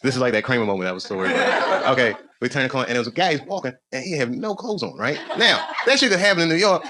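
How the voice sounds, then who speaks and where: Man, stand-up comedy set, fast talker, lots of background noise. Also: mid-range voice. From United States. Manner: animated, swings into loud excited bursts. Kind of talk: stand-up routine. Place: comedy club with a live audience.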